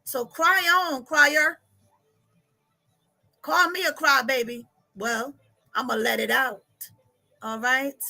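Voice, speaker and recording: A woman's voice: high voice, takes it slowly, vocal fry, pauses often, pushed and bright, low-quality recording. A middle-aged woman, coaching viewers on a live stream, emotional and often laughing through tears as she reads their comments. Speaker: life coach.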